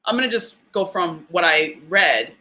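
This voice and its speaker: Animated woman hosting a chatty talk. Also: lowish voice, normal speed. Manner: animated, laughing, chatty with fillers. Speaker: podcast host. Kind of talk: casual live talk to listeners.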